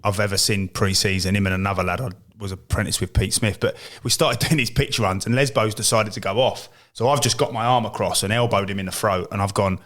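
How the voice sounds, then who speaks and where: A man, a former footballer co-hosting a podcast, telling stories in rapid, bantering chat. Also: fairly low pitch, fairly even intonation, a bit bright. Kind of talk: casual chat.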